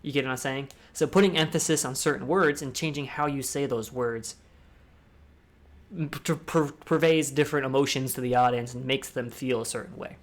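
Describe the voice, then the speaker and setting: A man's voice: mid-range voice, normal speed. Rambling young man on public speaking. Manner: rambling, with restarts and asides. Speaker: discord talk host. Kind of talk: casual talk on public speaking.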